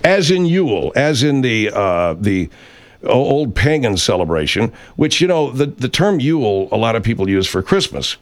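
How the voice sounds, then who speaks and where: A male radio host with a very lively, swinging pitch and a mid-range voice. He talks in a mock-earnest way and stops and restarts his sentences often. He hosts a comedy talk show. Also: moderate pace.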